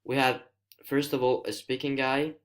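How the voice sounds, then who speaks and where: A mid-range male voice with little pitch movement belongs to a student from Italy, a native Italian speaker with a matching accent. He explains a poem in a screencast lesson, hesitant and careful, pausing to find what to say.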